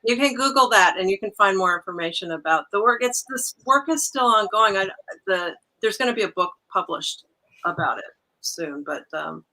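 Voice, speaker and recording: A woman documentary filmmaker as a guest on a chat show, speaking in a thoughtful, measured, slightly halting way. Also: medium pitch, animated, pushed and bright, low-quality recording. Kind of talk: casual interview chat.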